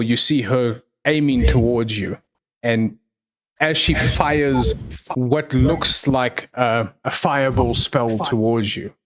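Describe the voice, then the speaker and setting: Guy running a tabletop game, slow and measured, pauses a lot, normal pitch. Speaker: game master. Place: online livestream.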